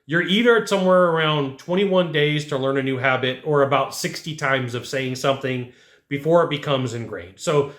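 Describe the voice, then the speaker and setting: A man's voice: medium pitch, normal speed, fairly bright tone. A man giving blunt, conversational sales coaching straight to his viewers, full of rhetorical questions. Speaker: sales trainer. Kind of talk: direct-to-camera sales coaching. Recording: roomy echo.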